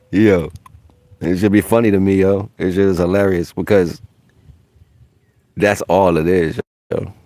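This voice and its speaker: A man's voice: low voice, fairly even intonation, slow, pauses often, darkish tone, dry recording, clean studio sound. A man hosting a spiritual livestream in a brash, profane, casual way, laughing often.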